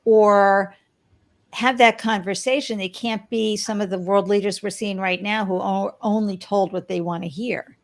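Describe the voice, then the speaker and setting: A woman's voice: mid-range voice, steady tone, normal speed. Enthusiastic woman hosting an interview. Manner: enthusiastic, affirming, laughs readily. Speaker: podcast host.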